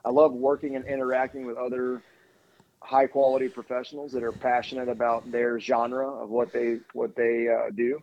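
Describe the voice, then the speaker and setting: A man's voice: medium pitch, flat delivery, moderate pace, darkish tone, highs cut off, slight background noise. A man being interviewed as a podcast guest, talking energetically in long run-on lists with frequent restarts. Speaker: assistant athletics director, guest.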